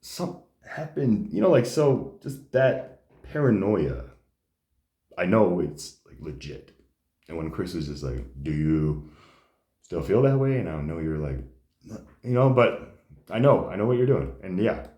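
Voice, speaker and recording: A man's voice: sits low, big pitch swings, unhurried, mellow. A man telling personal stories in casual conversation, rambling with many fillers. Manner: rambling, many fillers, acts out quoted dialogue. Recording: echoey room.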